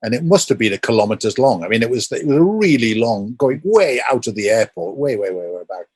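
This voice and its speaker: 一位嗓音略带沙哑的男士，作为访谈嘉宾娓娓道来，边思考边讲故事，录音干燥、没有回声。. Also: male voice, medium pitch, animated, a little fast, a little mellow, husky, no echo. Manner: thoughtful, storytelling, explains at length. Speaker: interview guest. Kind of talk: reflective conversational talk.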